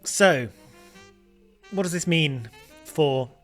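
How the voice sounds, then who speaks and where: A man's voice: a little high, very slow, faint music behind. A man hosting a let's play, puzzling aloud over a detective game and often trailing off mid-sentence. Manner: thinking aloud, trailing off and restarting. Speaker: gaming video host.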